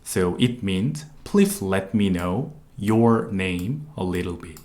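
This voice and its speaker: A man with a Korean accent and a low voice teaches a language class online. He explains slowly and patiently, repeating each point and filling pauses with "uh". Keyboard typing clicks in the background. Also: a little mellow. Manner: patient, repetitive explanations with frequent "uh" fillers. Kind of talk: live online language lesson.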